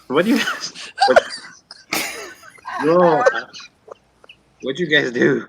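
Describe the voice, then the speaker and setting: A man's voice: fairly high pitch, sing-song, takes it slowly, creaky, very noisy. A man hosting a casual online chat about woodworking tools, explaining things as he shows them. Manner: explanatory, showing tools to the camera. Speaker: host of a scroll saw chat show.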